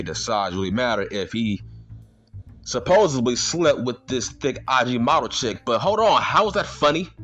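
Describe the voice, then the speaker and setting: A man's voice: medium pitch, fairly bright tone. A man ranting in a vlog, indignant and slangy, firing the same rhetorical questions again and again. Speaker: vlogger.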